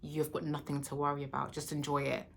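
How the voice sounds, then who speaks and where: Bright-voiced reassuring British woman. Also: low voice, level tone, brisk, gravelly, husky. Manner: affectionate, calls the viewer sweetheart and darling; emphatic, reassuring, spiritual. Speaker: vlogger giving encouragement. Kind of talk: casual motivational talk to camera.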